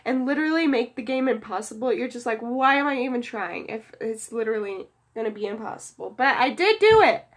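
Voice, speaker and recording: A woman's voice: on the high side, lively intonation, brisk, few pauses, low-quality recording. A woman gaming YouTuber doing let's play commentary, dramatic and exasperated, talking to her viewers. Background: video game music.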